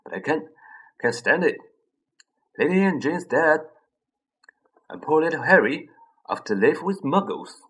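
A man reading an audiobook voicing a big, soft-hearted giant gamekeeper who sobs and stammers. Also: medium pitch, sing-song, normal speed, slightly rough, heavily acted. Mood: tearful. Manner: sobbing, stammering. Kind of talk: audiobook character voice.

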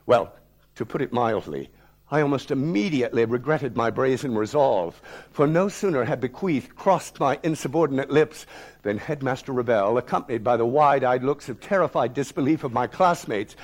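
Man, 60s, theatre director, dramatic storytelling, declamatory, slightly high voice, stage talk. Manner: dramatic, declamatory, sweeping shifts in loudness. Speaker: theatre director and solo performer.

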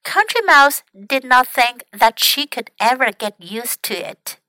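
High, slow-reading woman teacher. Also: lively intonation, sharp tone, dry recording, poor audio. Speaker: English teacher. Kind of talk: bilingual storybook narration.

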